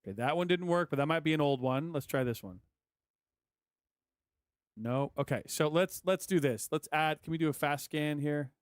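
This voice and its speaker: A man talking to himself as he installs music software. He mutters, swears and gets frustrated as it keeps failing. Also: a little high, normal speed, smooth, dry recording, clean studio sound. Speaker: music producer vlogger. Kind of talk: casual screen-recording chat.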